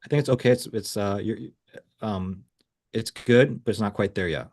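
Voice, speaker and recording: A man's voice: fairly low pitch, normal speed, a little mellow. A man coaching sales reps over a video call, blunt and casual, pushing them for more energy.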